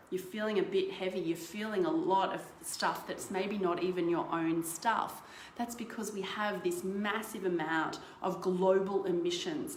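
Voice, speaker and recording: A woman's voice: fairly low pitch, roomy sound, slight background noise. Chatty woman presenting a live online workshop. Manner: chatty, playful, laughs often.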